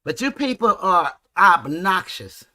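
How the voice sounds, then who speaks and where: A woman's voice: lowish voice, big pitch swings, a little slow, sharp tone. A woman, hosting a livestream and ranting angrily with heavy profanity. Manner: angry, profane, confrontational. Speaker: livestream host.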